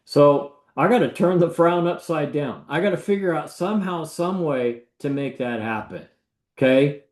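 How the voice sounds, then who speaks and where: A man who works as a real estate agent, telling a story in a casual, animated way and acting out the people he quotes. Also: on the high side, moderate pace. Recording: echoey room.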